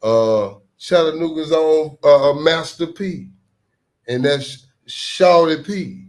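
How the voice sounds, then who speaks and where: A man, hosting a casual radio talk and telling stories with animated energy. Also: a little high, slow. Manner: animated storytelling, laughs often. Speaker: radio show host. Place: radio studio.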